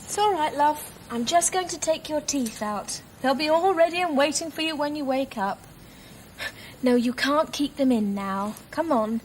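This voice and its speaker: A woman's voice: high voice, lively intonation, moderate pace, slight background noise, poor audio. An actress playing a hospital nurse who talks to patients in a soothing, motherly way. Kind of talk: scripted TV drama acting.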